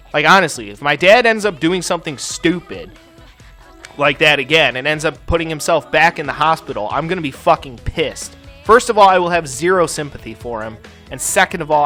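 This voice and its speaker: A man's voice: fairly high pitch, bright, forceful tone. A man hosting a gaming channel, telling a story in a profane, ranting way while playing. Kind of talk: casual chat while playing a game.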